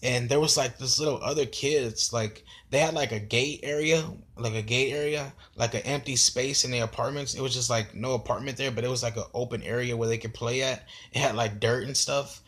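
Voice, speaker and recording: A man's voice: mid-range voice, steady tone, fairly quick, few pauses, a bit bright. A young man vlogging a casual storytime, rambling and slangy with lots of fillers.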